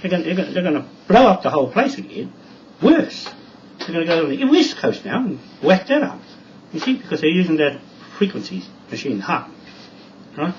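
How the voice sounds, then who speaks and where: A man's voice: a little high, big pitch swings, brisk. Rambling man, distant lo-fi recording. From New Zealand. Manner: rambling, emphatic, repetitive warnings. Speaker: video blogger. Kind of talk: rambling address to camera. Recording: distant, dull lo-fi sound with faint background noise.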